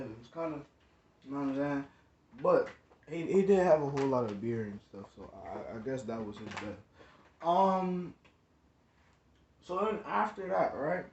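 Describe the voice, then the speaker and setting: A man's voice: fairly high pitch, darkish tone. A young man telling a rambling, slangy story, full of "like" and "you know what I'm saying.". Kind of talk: casual storytime. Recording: echoey room, dull lo-fi sound, faint noise.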